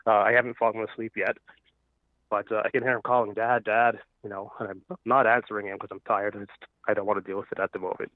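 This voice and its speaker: A man's voice: on the low side, flat delivery, fast, dry recording. A man in his thirties from Florida calls in by phone and tells a ghost story, nervous and hesitant, with many fillers. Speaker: caller. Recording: tinny phone line, very dry.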